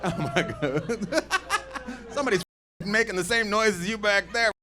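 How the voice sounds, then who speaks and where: A man doing stand-up comedy, teasing the crowd loudly with crude banter from a club stage. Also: high-pitched, expressive, normal speed. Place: comedy club stage before a live audience. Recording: live club recording with noise.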